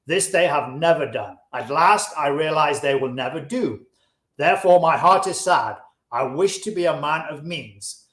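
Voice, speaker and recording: A man's voice: fairly high pitch, a little slow, fairly bright tone. A man reading the part of an earnest, discontented chariot maker, speaking old-fashioned English with passion. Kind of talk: audiobook-style reading of a classic. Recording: roomy echo.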